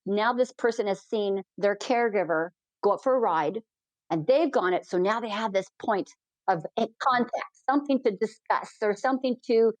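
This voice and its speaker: A hot air balloon pilot appears as a guest on a podcast, telling emotional stories about her flights with heartfelt, animated energy and words rushing out in quick bursts. Her voice is mid-range for a woman, recorded dry and close with no echo or room sound.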